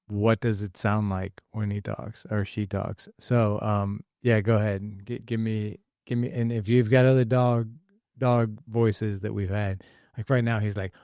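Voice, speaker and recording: A man's voice: lowish voice, darkish tone, no room sound, clean studio sound. A middle-aged man hosting a casual father-son podcast, rambling and often correcting himself as he talks.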